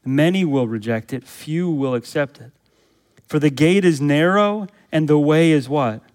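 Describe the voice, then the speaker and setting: A man's voice: fairly high pitch, a little slow, a little mellow. A man, a pastor, preaching a sermon with emphatic rhetorical questions and repeated phrases for emphasis.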